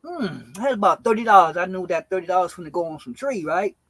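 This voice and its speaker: High-voiced man telling a street story. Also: lively intonation, fast talker, a bit bright, no room sound, poor audio. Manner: profane slangy anecdote with acted quotes. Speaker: streamer. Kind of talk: casual storytelling.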